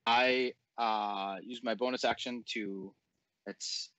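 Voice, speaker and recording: A man's voice: mid-range voice, steady tone, slow, sharp tone, no echo. A man playing in a tabletop game, chatting casually in short, offhand replies. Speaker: player.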